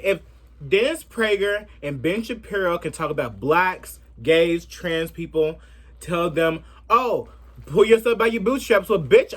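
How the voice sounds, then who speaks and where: A man giving a brash, profane commentary rant in a sassy, animated way. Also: high-pitched. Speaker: commentary vlogger.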